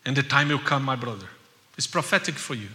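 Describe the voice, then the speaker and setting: A man preaching a sermon with passion, repeating key phrases and building to loud cries. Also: medium pitch, expressive, quick pace. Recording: long hall reverb.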